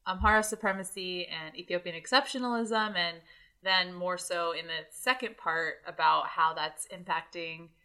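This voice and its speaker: A woman's voice: lowish voice, steady tone, normal speed, sharp tone. A woman hosting a podcast in casual chat, teasing her co-hosts and laughing often. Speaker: podcast host.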